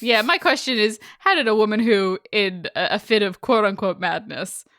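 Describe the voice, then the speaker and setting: A woman's voice: mid-range voice, normal speed, a loud crowd. A woman hosting a podcast, talking in a blunt, sarcastic, irreverent way. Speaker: podcast host. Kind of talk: casual podcast chat.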